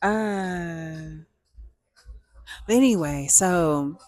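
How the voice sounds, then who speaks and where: A woman telling a casual storytime vlog with animated, oversharing delivery and playful spoken sound effects. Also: lowish voice, extremely slow, no echo, studio quality. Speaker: storyteller host.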